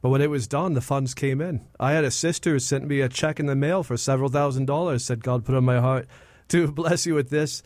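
A man's voice: mid-range voice, fairly even intonation, fairly quick, darkish tone, no echo, studio quality. A man from Brazil, a guest artist and musician, talking in a modest, joking way with restarts. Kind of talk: interview chat.

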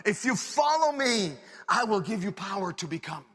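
A man's voice: high-pitched, sing-song, normal speed, fairly bright tone, breathy edge. A man preaching a sermon, telling stories with emotional, pleading restarts in a large church hall. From French Canada. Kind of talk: sermon storytelling. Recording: long hall reverb.

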